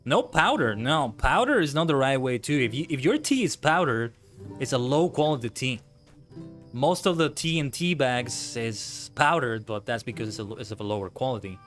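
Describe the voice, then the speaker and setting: A man chatting on a live gaming stream who breaks into animated, swearing rants. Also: medium pitch, moderate pace, faint music behind. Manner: ranting, swears freely, animated outbursts. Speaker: VTuber streamer. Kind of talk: casual live-stream chat while gaming.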